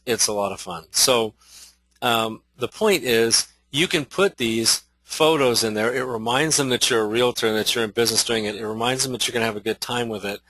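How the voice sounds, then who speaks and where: A man's voice: medium pitch, bright, forceful tone, no echo, rough recording. A man giving an instructional talk to real estate agents, conversational, with many restarts and rhetorical questions.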